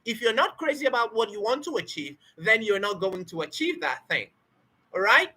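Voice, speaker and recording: A woman's voice: on the high side, big pitch swings, moderate pace, sharp tone, husky. A woman teaching spoken English in an emphatic motivational talk, repeating key words and asking rhetorical questions.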